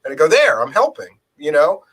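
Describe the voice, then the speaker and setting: A man with a bright, forceful voice telling stories in a casual chat. He sits a little high in pitch and acts out the lines he quotes as he goes. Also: sing-song, brisk, breathy edge, poor audio. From Philadelphia area. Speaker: co-host.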